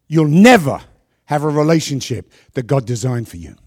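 A middle-aged man preaching a sermon to a congregation on a handheld microphone, with a worn voice, asking rhetorical questions and pausing for effect. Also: fairly high pitch, expressive. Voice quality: voice worn from past yelling. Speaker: pastor.

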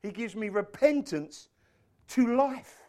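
A man's voice: high voice, animated, slow, a little mellow. A male pastor preaching a sermon in an impassioned, emphatic way, breaking off into self-deprecating asides.

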